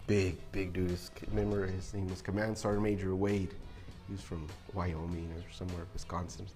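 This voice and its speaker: Animated male storyteller, swears casually. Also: low voice, moderate pace, soft background music. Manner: animated, acts out quoted voices, casual swearing. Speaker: guest telling army stories.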